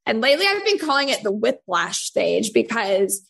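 A woman's voice: a little high, big pitch swings, moderate pace, creaky, fairly bright tone, breathy edge. A woman in her thirties, a parenting coach, chatting casually and filling her speech with "like". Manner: chatty, many fillers like "like". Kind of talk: casual chat.

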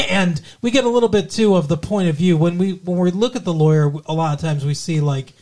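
A man with a slightly high-pitched voice talks through a film on a podcast in an easy, unscripted way. He swears freely and strings the plot together with loose restarts. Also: brisk, dark tone. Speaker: podcast co-host. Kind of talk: casual movie-review chat.

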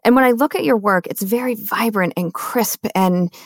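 A woman's voice: medium pitch, normal speed, no room sound, studio quality. A woman hosting a podcast, asking long questions and affirming her guest. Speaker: podcast host. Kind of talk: conversational interview.

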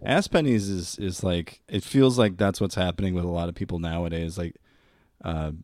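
A man's voice: deep voice, moderate pace, a little mellow, no echo, studio quality. A man co-hosting a podcast in casual banter, laughing often and swearing freely. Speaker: podcast co-host.

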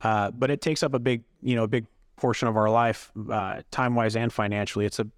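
A man in his thirties or forties, a podcast guest answering in a relaxed way with many filler uhs. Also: medium pitch, fairly quick, dry recording, clean studio sound. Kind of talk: casual interview answers.

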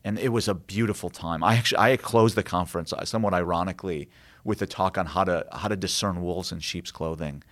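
A man's voice: sits low, fast talker, fairly bright tone. A man, a guest author, telling stories earnestly and reflectively in conversation, with frequent fillers and restarts. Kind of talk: conversational storytelling.

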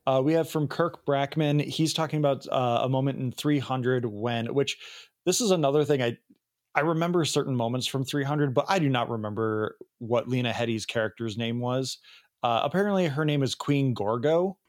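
A man co-hosting a podcast, chatting casually and getting animated when he mocks bad film lines. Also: mid-range voice, normal speed. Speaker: podcast co-host. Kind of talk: casual chat.

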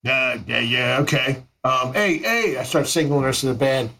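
A man's voice: medium pitch, normal speed, vocal fry, pushed and bright. A man playing in a tabletop game, casual, joking and crude. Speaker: player.

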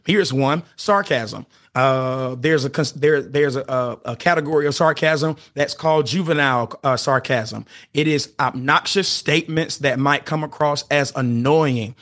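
A man's voice: fairly high pitch, a bit bright. A man hosting an advice podcast, teaching in an emphatic, preacher-like way, often restarting his sentences and pushing points with "get this" and "hear me". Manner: often restarts and stumbles over words. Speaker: podcast host giving relationship advice.

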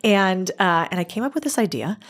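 A woman's voice: mid-range voice, expressive, brisk. A woman who is a guest on a podcast, telling stories from her career in a candid, chatty way and acting out bits of dialogue. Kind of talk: casual interview storytelling.

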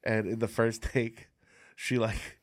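A comedian on a podcast telling wry stories, with restarts and deadpan quotes from the people in them. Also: male voice, fairly low pitch, slow, no room sound, clean studio sound. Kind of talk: casual comedic chat.

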